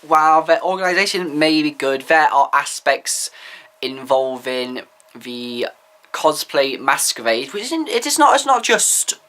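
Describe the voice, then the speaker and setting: A man's voice: a little high, lively intonation, measured pace, bright, forceful tone. Candid man vlogging. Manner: candid, opinionated, rambling. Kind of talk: casual opinion vlog.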